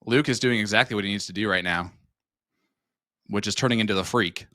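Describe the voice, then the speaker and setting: A man commentating a live darts match, calling the play and reading viewer shout-outs in a friendly way. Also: fairly low pitch, a little fast, no room sound, clean studio sound.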